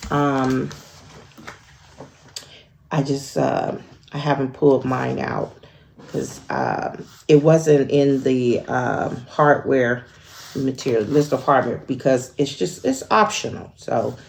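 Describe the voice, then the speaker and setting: A woman hosting a sewing tutorial, narrating each step in a relaxed, thinking-aloud way with frequent fillers. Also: a bass voice, slow pace, creaky.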